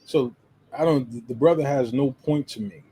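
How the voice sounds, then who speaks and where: A man with a husky, slightly rough voice drives home his points with emphatic, preacher-like insistence. He talks as a co-host in a casual discussion. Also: mid-range voice, moderate pace, warm tone, low-quality recording. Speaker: podcast co-host.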